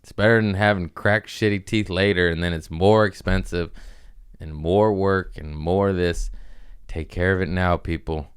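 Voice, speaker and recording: Male podcast host, smooth resonant voice, loose profane comedic rambling. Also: low-pitched, fairly even intonation, no room sound, studio quality. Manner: rambling, profane, jumps into quick mock voices. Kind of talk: casual comedic monologue.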